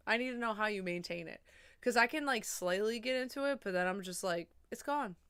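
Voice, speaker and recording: A young woman chatting casually on a livestream, rambling and swearing, a little drunk and high. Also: pushed and bright, clean tone.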